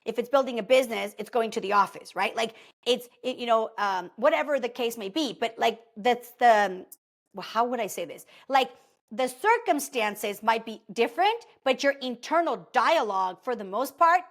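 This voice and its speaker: A woman with a slightly high voice talks to her listeners in a casual, motivational way. She keeps the story going with lots of "like" and "okay?", chatty and animated throughout. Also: normal speed. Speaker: podcast host.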